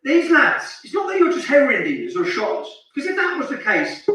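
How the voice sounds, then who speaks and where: A man's voice: very high-pitched, wildly swooping pitch, a little fast, very echoey, far from the mic, a crowd in the background, rough recording. A man from Luton delivering heated, scornful commentary over a street video, hammering his points through repetition. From Luton, England. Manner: heated, scornful, repeats phrases for emphasis. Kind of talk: indignant ranting commentary.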